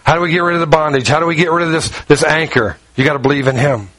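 A man preaching a sermon with a fairly high voice. He tells the story with lively energy, acting out each character's lines as he paces about. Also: rapid-fire, low-quality recording. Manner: walks around while preaching.

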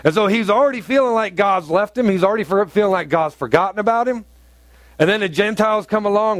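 A man's voice: high-pitched, quick pace, no echo. A male pastor preaching a sermon in a conversational way, asking the congregation questions and acting out taunts in a raised voice.

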